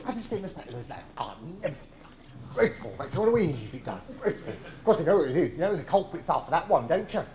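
An actor playing a camp, waspish older English comic with a drawn-out theatrical delivery. He gossips crudely and swings into indignant outbursts. Performed live on stage as a monologue. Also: on the high side, sing-song, darkish tone. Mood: indignant disgust. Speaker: stage actor in a one-man show.

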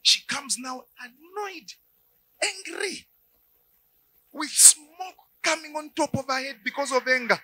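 A man preaching a sermon, animated, acting out little dialogues and shouting at the high points. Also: takes it slowly, long pauses, poor audio.

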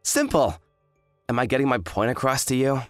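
A man's voice: medium pitch, animated, normal speed, no echo, clean studio sound, soft background music, close to an everyday voice. A man voicing an arrogant, hungover young fiancé who talks in a smug, dismissive drawl. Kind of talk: dramatized story voice acting.

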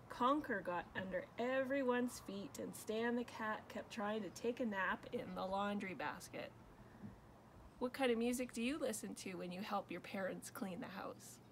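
A woman reading a picture book aloud for children, pausing to ask her listeners questions. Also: medium pitch, a little hiss or hum, poor audio.

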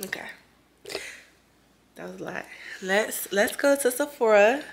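A woman's voice: mid-range voice, expressive, moderate pace, creaky, slight background noise. A young woman chatting through a casual day-in-the-life vlog, bubbly and full of exclamations. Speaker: vlogger. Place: beauty store.

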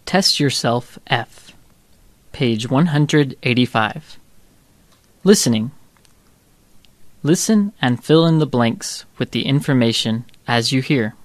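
A man announces textbook exercise headings and instructions in a slow, formal way. His voice is at an average pitch for a man, and the recording is dry with no room echo. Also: expressive. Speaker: textbook audio narrator.

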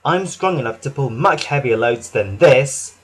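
A small, proud tank engine answers in a huffy, stubborn tone, as a man puts him on. The voice is husky and lively in pitch. It fits a children's storybook. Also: a little slow.

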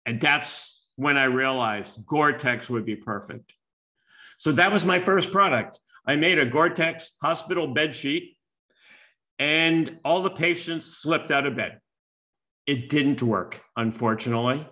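A man's voice: mid-range voice, moderate pace, sharp tone. A man in his seventies from the United States, giving a storytelling keynote talk and acting out quoted dialogue. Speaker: keynote speaker and business school teacher.

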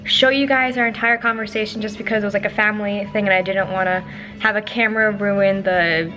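A young woman vlogging her day in a chatty, upbeat way, full of quick asides. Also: medium pitch, steady tone, bright, forceful tone, faint music behind. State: out of breath. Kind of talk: casual vlog chat.

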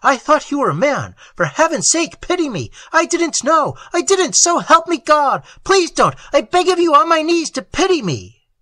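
A man voicing a shrill frightened sentry. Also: big pitch swings, fairly quick, hardly any pauses, breathy edge, no echo, exaggerated voice. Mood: terrified pleading. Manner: loud, high and strained. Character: sentry, adult man, hostile then terrified.

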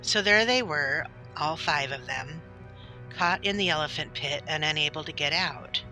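A woman narrating a children's story in a gentle, deliberate way. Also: low voice. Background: soft background music.

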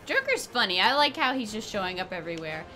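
A woman host giving casual, excitable let's play commentary, chatty and swearing freely. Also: mid-range voice, fast talker, faint music behind. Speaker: gaming video host.

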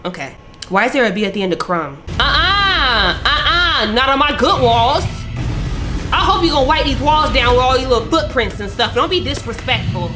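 A young woman reacting to a movie with loud, animated commentary, often yelling at the screen. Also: sits high, moderate pace, faint music behind. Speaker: YouTuber reacting to a film. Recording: film soundtrack playing behind.

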